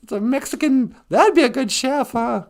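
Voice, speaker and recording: A woman's voice: sits high, lively intonation, normal speed. A woman from northern Minnesota, hosting a casual live stream, chatty and teasing with frequent laughter.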